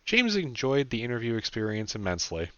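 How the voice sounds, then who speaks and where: A man's voice: medium pitch, huge pitch swings, a little fast, sharp tone, dry recording. A man, the author himself, reading his own audiobook in a plain, understated way. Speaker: author and narrator. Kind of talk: audiobook narration. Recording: dull dry lo-fi recording.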